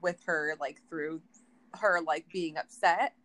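A woman's voice: low-pitched, steady tone, slow, a bit bright, poor audio. A woman co-hosting a podcast in casual chat, wry and blunt, swearing now and then. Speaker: podcast co-host.

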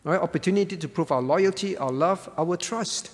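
A man's voice: a little high, normal speed, hardly any pauses, in a large hall. A male pastor preaching a sermon earnestly, often checking in with the congregation by asking "all right?".

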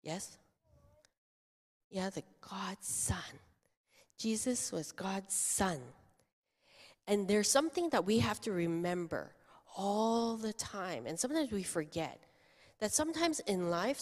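A woman pastor tells a story to children, asking them questions and acting out voices. Her pitch sits in the middle for a woman. Her voice carries the long reverb of a church hall. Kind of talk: children's sermon. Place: church sanctuary.

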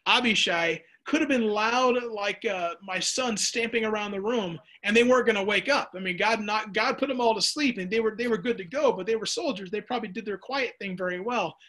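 A man's voice: high-pitched, fairly quick, few pauses, pushed and bright. A man leading a casual Bible study lesson, chatty and joking, answering viewers' typed questions. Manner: chatty, jokey asides, restarts mid-sentence.

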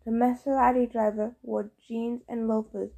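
A woman narrating a fantasy novel as an audiobook reader, in a steady storytelling read. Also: a little high, normal speed, gravelly.

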